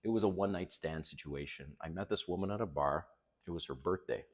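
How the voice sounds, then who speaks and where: Deep-voiced man telling frank stories. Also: a little fast. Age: older. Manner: frank, animated, swears freely. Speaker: host. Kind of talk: casual storytelling vlog.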